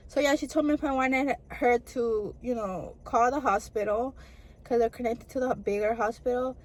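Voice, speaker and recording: A young woman talks to her camera in a loose, chatty storytime manner. Her voice sits a little high, and she sprinkles "like" and "girl" through her sentences as she goes. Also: low-quality recording. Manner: chatty, lots of "like" and "girl" fillers. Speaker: vlogger. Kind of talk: casual storytime chat to camera.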